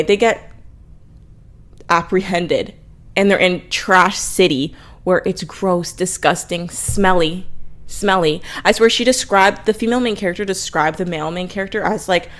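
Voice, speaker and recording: A young woman hosting a book review channel, chatting casually, animated and blunt, swearing often. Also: medium pitch, normal speed. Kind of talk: casual chat.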